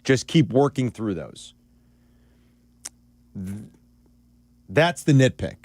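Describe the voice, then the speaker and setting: Casting: lively radio sports host, frank and opinionated, dry studio sound. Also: male voice, mid-range voice, takes it slowly, no room sound. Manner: animated, candid analysis with asides. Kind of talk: casual sports talk. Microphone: studio broadcast mic.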